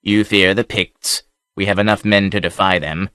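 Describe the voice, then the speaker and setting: A man voicing a hot-tempered buccaneer who speaks slowly with a growl, in an audiobook reading. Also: low voice, little pitch movement, sharp tone, smooth, no room sound, clean studio sound. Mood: snarling. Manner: slow, growling. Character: snarling, hot-tempered male buccaneer leader.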